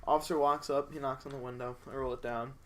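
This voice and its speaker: A man's voice: mid-range voice, fairly even intonation, fast talker, a bit bright. A young man, a podcast co-host, telling a story in casual chat with lots of filler words. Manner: rambling storyteller, many "like" fillers.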